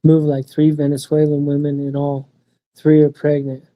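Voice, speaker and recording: A man's voice: on the high side, monotone, normal speed, dry recording, lo-fi sound. A young man chatting casually on a livestream, slangy and swearing, laughing often. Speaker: streamer. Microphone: streaming mic.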